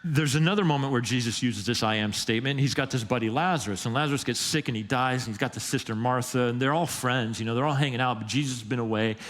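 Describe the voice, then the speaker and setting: A man's voice: mid-range voice, quick pace, hardly any pauses. A man preaching a sermon as a pastor, in a casual, emphatic way, often repeating words as he builds up a point. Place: church sanctuary. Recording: long reverb of a church hall.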